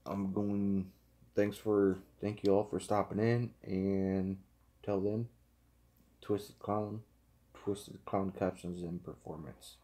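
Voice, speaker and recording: A man's voice: low voice, level tone, takes it slowly, warm tone. A man hosting a casual livestream, chatting with viewers in a playful, teasing way. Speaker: livestream host.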